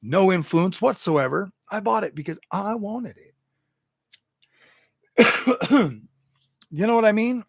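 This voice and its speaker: A man hosts a tech channel in a casual, animated rant, stammering and doubling back on his words. His voice is a touch high with a gravelly edge. The sound is dry and close. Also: takes it slowly, long pauses, no echo. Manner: animated, exasperated, stammers and repeats himself. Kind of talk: casual livestream chat.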